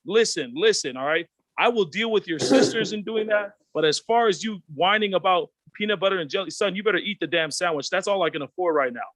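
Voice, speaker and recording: A man's voice: high voice, animated, fairly quick, hardly any pauses, a bit bright, dry recording. A man from the Pacific Islands, a panel guest who talks in a reflective, earnest way over a video call. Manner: reflective, earnest, acts out quoted voices. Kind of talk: candid panel discussion.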